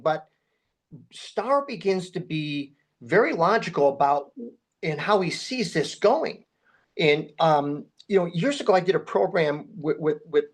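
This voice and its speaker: Animated storytelling man. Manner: animated storyteller, acts out quotes with rising pitch. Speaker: guest, memorabilia collector. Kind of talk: storytelling interview.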